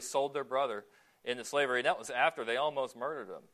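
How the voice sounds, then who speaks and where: A man with a mid-range voice gives a relaxed, conversational sermon. He asks listeners questions and pauses on fillers as he goes.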